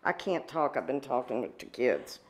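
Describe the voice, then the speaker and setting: A woman's voice: very deep voice, big pitch swings, moderate pace. A woman chef with a Southern accent giving a folksy, chatty cooking demonstration. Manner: folksy, chatty, says y'all and sister.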